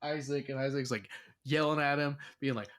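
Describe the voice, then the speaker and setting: A young man hosts a loose podcast recap, talking at an ordinary middle pitch. He rambles and swears freely, and slips into the characters' lines as he goes. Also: fairly even intonation, moderate pace, a bit bright. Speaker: podcast host. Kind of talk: casual recap chat.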